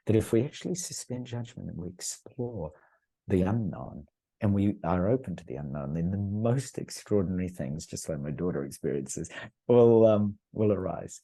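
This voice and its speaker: A man's voice: low-pitched, lively intonation, moderate pace, dark tone, breathy edge. A middle-aged man, a podcast guest, talking in an earnest, rambling way with many restarts. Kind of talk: casual conversational storytelling.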